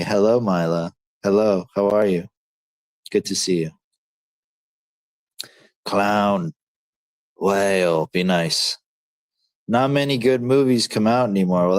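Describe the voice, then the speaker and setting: Excitable man reacting to fights live. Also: mid-range voice, no room sound. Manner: excitable, slangy, talks to chat as dude and bro. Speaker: livestream host.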